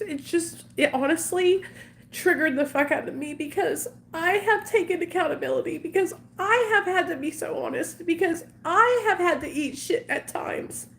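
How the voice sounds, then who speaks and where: A woman's voice: sits high, moderate pace, creaky, a bit bright, a little hiss or hum. A woman in her forties talking candidly to her viewers in an emotional, rambling confessional vlog. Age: 40s. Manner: emotional, earnest, rambling with fillers. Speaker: vlogger.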